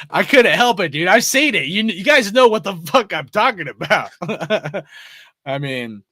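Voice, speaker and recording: A man's voice: high voice, lively intonation, unhurried, sharp tone, no room sound, clean studio sound. A young man hosting a fan show, rambling casually with lots of swearing, laughter and "bro" and "dude". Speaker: sports fan show host. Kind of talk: casual rant to viewers.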